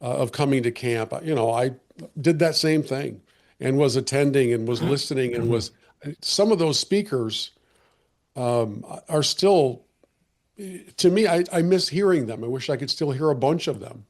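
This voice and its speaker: A man hosting a podcast conversation, earnest and reflective, often restarting his sentences, and slightly hoarse as he loses his voice. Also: mid-range voice, lively intonation, moderate pace. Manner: earnest, with frequent restarts and fillers. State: losing his voice. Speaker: podcast host.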